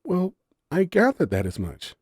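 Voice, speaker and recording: A man's voice: high-pitched, wildly swooping pitch, measured pace, breathy edge, dry recording, studio quality, pitched above the performer's own voice, heavily acted. A man voicing a curious, bubbly young female forest fawn spirit in an audiobook story, eager and wide-eyed.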